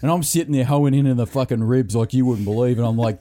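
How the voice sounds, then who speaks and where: A man, telling family stories to podcast co-hosts in an animated, swearing, laughing manner. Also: mid-range voice, fast, hardly any pauses. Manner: animated, profane, laughing storyteller. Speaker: podcast host. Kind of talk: casual storytelling chat.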